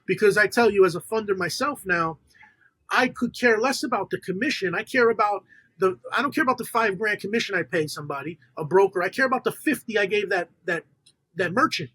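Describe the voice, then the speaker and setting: High-voiced New man telling deals. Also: fairly quick, slightly rough, no room sound, low-quality recording. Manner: animated storyteller quoting others in dialogue. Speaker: podcast guest, funder. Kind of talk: casual storytelling interview.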